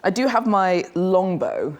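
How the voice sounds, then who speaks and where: An English player at a tabletop game, with a voice whose pitch leaps around freely. They giggle often and keep chiming in with enthusiastic exclamations. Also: very animated, measured pace.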